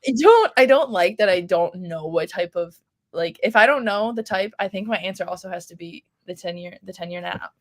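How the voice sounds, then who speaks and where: A woman's voice: fairly low pitch, animated, brisk. A woman guest on a podcast talking in casual chat, hesitant and filling with "like". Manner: hesitant, many "like" fillers.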